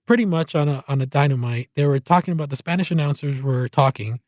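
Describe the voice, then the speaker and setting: A man's voice: a little high, a little mellow, no echo, studio quality. A man co-hosting a casual podcast, talking earnestly with frequent halts and restarts. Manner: halting, many restarts, earnest. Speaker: podcast co-host.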